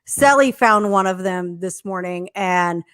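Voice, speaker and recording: Relaxed woman in dry-sounding chat. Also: fairly low pitch, a little slow, clean tone, no echo. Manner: relaxed rambling with many fillers. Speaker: radio show co-host. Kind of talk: casual chat.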